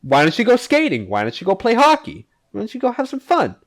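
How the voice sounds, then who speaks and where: A man voicing a flustered, apologetic woman nanny, hurried and soothing. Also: high-pitched, wildly swooping pitch, voice pushed up, heavily acted.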